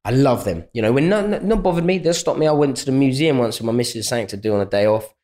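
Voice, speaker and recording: A young man with a London accent talks casually on a podcast, slipping into bright, higher voices whenever he quotes strangers. His tone stays mid-pitched and easygoing, rambling through stories with plenty of "you know what I mean". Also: expressive, fast. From England. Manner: chatty storyteller, acts out quotes in a higher voice. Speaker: UFC fighter guest.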